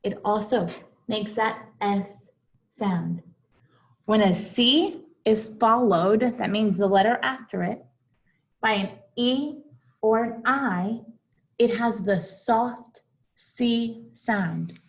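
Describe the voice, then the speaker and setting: A woman teaching a phonics lesson to young children, saying each word slowly and repeating it. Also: mid-range voice, creaky. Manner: slow, deliberate, repeating each word twice.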